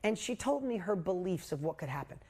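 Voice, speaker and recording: A man in his forties, a coach hosting a live group call, telling a personal story in a candid, animated way with casual swearing. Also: high-pitched, brisk. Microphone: video call.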